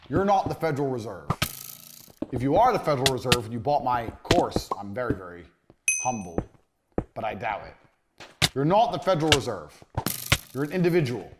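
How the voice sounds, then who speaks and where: A man delivers a recorded business lecture in a blunt, emphatic, profane manner. His voice sits at an ordinary middle pitch. Heavy background noise runs under everything he says. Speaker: business course instructor.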